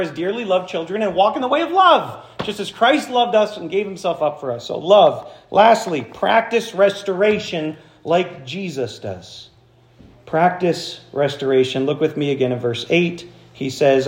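A man preaching a sermon as pastor, animated, swinging from hushed passages to loud, high-pitched points. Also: reverberant. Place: church.

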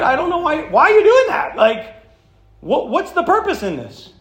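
A man preaching a sermon to a congregation in a church hall, animated and emphatic, often asking the room questions. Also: extremely high pitch, fairly quick. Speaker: pastor.

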